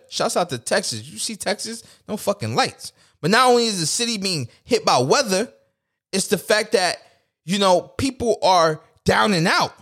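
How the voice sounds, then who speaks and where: A man's voice: high-pitched, fairly bright tone. A man, hosting a podcast in a blunt, profane, rambling rant. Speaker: podcast host. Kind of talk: casual political rant.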